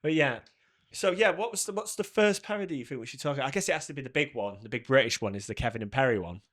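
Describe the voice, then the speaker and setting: A man with a Manchester accent chats on a podcast. He rambles through his stories and mocks himself along the way. His pitch sits in the middle range. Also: animated, very fast, a bit bright. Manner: chatty, rambling, self-mocking. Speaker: podcast co-host. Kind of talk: casual chat.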